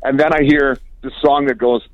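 A man's voice: mid-range voice, a little fast, no echo. An older man from Canada, a guest musician, telling chatty stories in an interview and often chuckling. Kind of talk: casual storytelling interview. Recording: dry, dull lo-fi sound.

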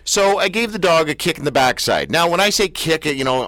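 Male talk-radio host, animated self-mocking storyteller, dry studio sound. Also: fairly high pitch, fairly quick, hardly any pauses, no echo. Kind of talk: casual radio interview.

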